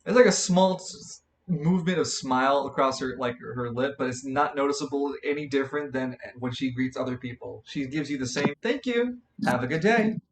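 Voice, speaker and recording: A man's voice: medium pitch, steady tone, a little fast, slight background noise. Rambling young male game master. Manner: rambling narration, many fillers and restarts. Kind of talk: narrating a tabletop role-play.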